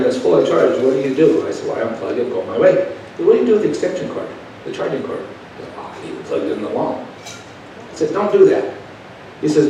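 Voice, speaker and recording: A man's voice: on the high side, dark tone. A middle-aged man preaches in a loose, folksy way and keeps checking in with the people listening. His voice rings through a very echoey hall, picked up from well back from the mic, with a faint hiss underneath. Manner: folksy, conversational, asks the crowd questions. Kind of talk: sermon with personal stories. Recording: echoey hall, taken from far off.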